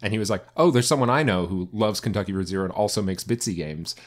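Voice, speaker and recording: A man's voice: fairly low pitch, fast. A young man co-hosting a casual podcast chat, telling stories with lots of fillers and restarts. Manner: rambling storyteller, many fillers and self-interruptions. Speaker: podcast co-host.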